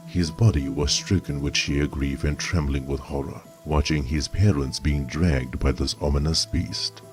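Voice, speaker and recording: A man reading a scripted horror story in a measured, dramatic way. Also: rumbling low, a little mellow.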